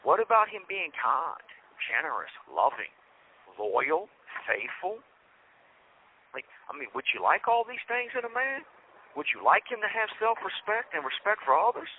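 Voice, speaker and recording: A man's voice: sits high, sing-song, a little slow, slight background noise, pitched above the performer's own voice. A man imitating a male preacher who questions and lectures a churchgoer, over a tinny prison phone line. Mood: preaching.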